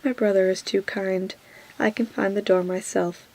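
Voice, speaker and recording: A woman's voice: medium pitch, steady tone, normal speed, lightly acted, low-quality recording. A woman voicing a mocking, amused young lord in a whispered role-play. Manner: soft whisper.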